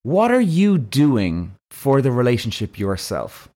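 Blunt, profane podcast host. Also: male voice, medium pitch, huge pitch swings, unhurried, darkish tone. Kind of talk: casual monologue.

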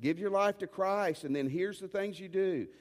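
A man's voice: sits high, moderate pace, big-room sound. A man preaching a sermon as pastor, emphatic, with folksy asides and urgent commands. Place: church.

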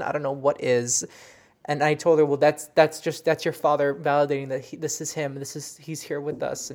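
A psychic medium recounting a reading in an earnest, emotional, halting way, often restarting sentences and trailing off softly. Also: mid-range voice, vocal fry. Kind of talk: personal storytelling.

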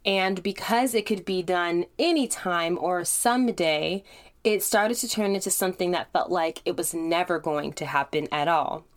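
A woman's voice: on the low side, normal speed. Chatty woman hosting a solo podcast. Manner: candid, chatty, addresses listener as friend. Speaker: podcast host.

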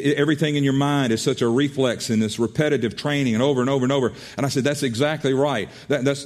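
A man's voice: medium pitch, a little mellow. A man preaching a sermon as pastor, earnest, often repeating and restarting his words.

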